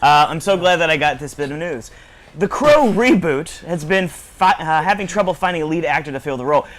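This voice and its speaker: A man co-hosting a casual panel show, his pitch moving around a lot. He reads a news item with halting restarts along the way. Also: animated, fairly bright tone, a little hiss or hum. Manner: halting, restarts mid-sentence. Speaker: co-host reading news.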